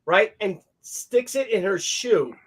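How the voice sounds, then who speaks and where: A man with a high voice tells a long, profane anecdote in relaxed talk-show chat. He jumps in and out of quoted voices, pushing his pitch up and down as he acts out each person in the story. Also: takes it slowly. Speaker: podcast guest telling an anecdote. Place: hotel stories; recorded on a video call show.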